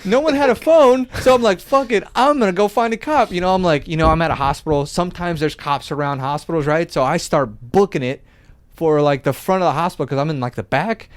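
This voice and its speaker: A young man on a podcast telling a story casually, loose and animated, full of filler words and swearing. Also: a little high, quick pace, no echo. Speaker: podcast co-host.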